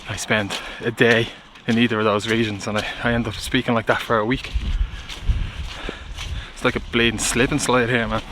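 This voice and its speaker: An Irish man hiking over hills and a beach in wind and rain chats casually to camera, rambling loosely as he goes. His mid-range voice is flat, his speed normal, and the background noisy.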